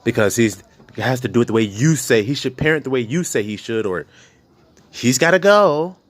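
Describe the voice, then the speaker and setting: A man's voice: medium pitch, fast talker. A man preaching with passion, bluntly and profanely, firing rhetorical questions at his listeners. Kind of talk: preaching to a congregation.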